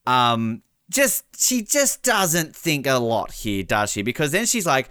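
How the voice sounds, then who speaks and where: A man hosting a casual podcast recap, animated, laughing often and mimicking the people he talks about. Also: mid-range voice, measured pace, hardly any pauses, smooth, no room sound, clean studio sound. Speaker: podcast host.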